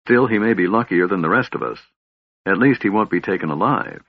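Man voicing a quiet, grim half-elf leader. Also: lowish voice, lively intonation, a little fast, vocal fry, breathy edge, no echo, muffled recording, exaggerated voice. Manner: quiet, inward.

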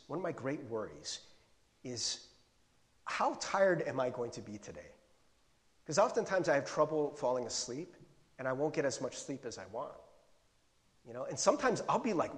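A man preaching a sermon in a conversational, animated way, acting out his own worried thoughts. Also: on the high side, in a large hall. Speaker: pastor.

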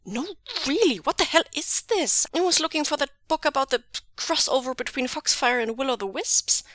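Here is a sharp-tongued, exasperated teenage boy, as a woman reads him out in a high, quick and snappish voice. The sound is bright and dry. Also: expressive, no echo.

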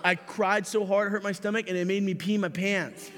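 A young man giving a youth sermon, telling funny stories and speaking directly to his listeners in an animated way. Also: sits high, a little fast, some chatter behind. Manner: animated, jokey storyteller who addresses the audience directly. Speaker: youth pastor. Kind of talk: youth sermon with comic storytelling. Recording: reverberant hall.

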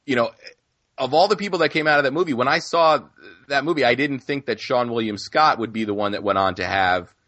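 A man co-hosting a podcast in casual film discussion, talking in halting starts and restarts. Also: medium pitch, sharp tone, dry recording. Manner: halting, many restarts and fillers. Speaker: podcast co-host.

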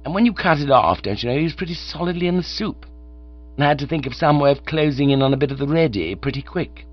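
A man voicing a chummy, breezy young English gentleman who talks in slangy phrases, on a dull recording with a mains hum. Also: fairly high pitch, expressive, fast talker, voice pushed up.

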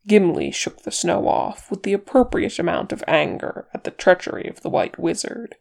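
A woman narrating a chapter of fan fiction as an audiobook reader, measured and expressive. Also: on the low side, gravelly.

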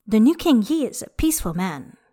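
A woman's voice: fairly high pitch, big pitch swings, fairly quick, warm tone. A woman voicing a young male snake spirit, drunk, wry and self-pitying.

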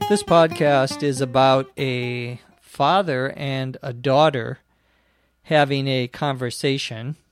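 Male podcast teacher, explains expressions patiently and spells out words, very slow, dry close sound. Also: medium pitch, clean tone, no echo. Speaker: podcast host and English teacher. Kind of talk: language lesson explanation.

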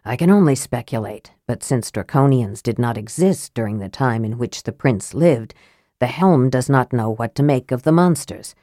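A woman voicing a calculating young male wizard in an audiobook reading, speaking flatly and precisely. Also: rumbling low, dry recording, studio quality, voice pushed down. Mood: cool. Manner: flat, measured, precise.

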